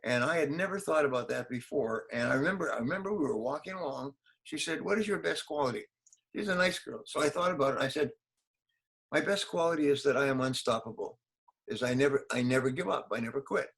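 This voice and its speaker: A man's voice: medium pitch, quick pace, vocal fry, a bit bright, poor audio. An older man, a motivational speaker, answering interview questions in an emphatic way, repeating key phrases and acting out quotes.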